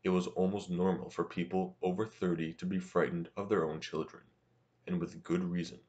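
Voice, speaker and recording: Deep-voiced man narrating a novel. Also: muffled recording. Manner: steady, measured reading. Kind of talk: audiobook narration.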